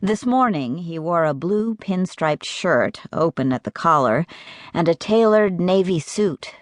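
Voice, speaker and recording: A woman reading romance narration for an audiobook in a measured, even way. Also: sits low, no echo, studio quality.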